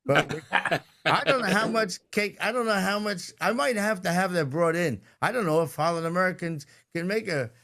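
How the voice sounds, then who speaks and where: A man's voice: sits high, normal speed, sharp tone, slight background noise. A man hosting a podcast in a chatty, self-deprecating way over a video call. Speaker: podcast host. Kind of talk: casual podcast chat.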